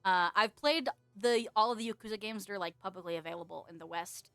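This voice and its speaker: A woman's voice: mid-range voice, fast talker, fairly bright tone, clean tone, no room sound. Giggly rambling young woman streamer. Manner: giggly, rambling, swears casually. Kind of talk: casual chat stream.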